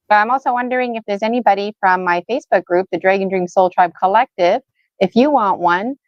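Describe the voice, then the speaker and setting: A woman co-hosts a live stream, chatting loosely and thinking aloud as she goes. Her voice is smooth and clear, recorded dry over slightly dull stream audio. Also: mid-range voice, no room sound. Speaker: co-host and gemstone reader. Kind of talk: casual livestream talk. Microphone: video call.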